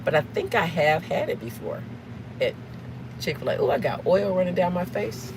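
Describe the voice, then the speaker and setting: A woman's voice: fairly low pitch, expressive, normal speed. A woman from the States, chatting casually and rambling to her viewers while driving, asking them questions now and then. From Southern United States. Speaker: live-streaming vlogger. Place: inside a car in traffic. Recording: clear car road noise behind.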